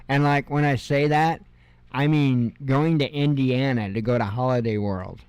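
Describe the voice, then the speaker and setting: A news show host in his fifties casually works through headlines one by one, pausing for sarcastic, chuckling comments. His slow, unhurried speech comes in a mid-range, slightly mellow voice, smooth and clear, recorded dry and close to the mic with no room sound.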